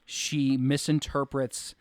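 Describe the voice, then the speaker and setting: A man co-hosting a podcast in casual chat, retelling scenes in a relaxed way. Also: mid-range voice, takes it slowly. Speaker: podcast co-host.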